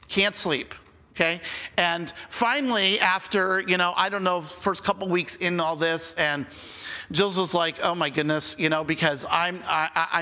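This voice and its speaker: A male pastor with a high, bright voice preaches in a conversational way. He keeps repeating key phrases and checks in with the congregation. His voice carries a long reverb from the hall. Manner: conversational, repeating phrases and asking the audience "okay?". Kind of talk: sermon.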